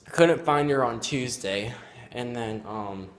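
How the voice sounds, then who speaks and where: A teenage boy telling a personal story at home, rambling and halting with many fillers. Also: medium pitch, slight background noise. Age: teens. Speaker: student vlogger. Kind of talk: casual storytelling.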